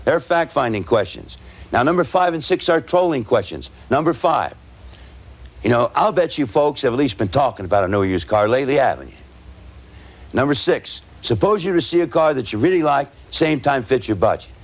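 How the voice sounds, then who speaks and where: Here a man who trains salespeople delivers an expressive lecture in a mid-range voice. Each point of his method gets a tag of "right?", and he slows down to spell out certain words.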